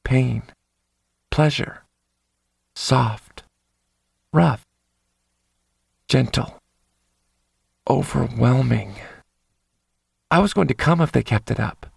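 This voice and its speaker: A man's voice: medium pitch, extremely slow, vocal fry, pauses often, darkish tone, slightly rough, no echo, studio quality. A man narrating a first-person romance audiobook in an intimate inner-monologue manner.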